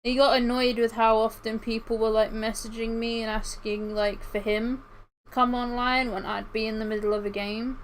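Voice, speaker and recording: A woman's voice: fairly high pitch, flat delivery, moderate pace, a little hiss or hum, poor audio. A young woman, rambling through a story while livestreaming, with lots of fillers and restarts. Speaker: streamer.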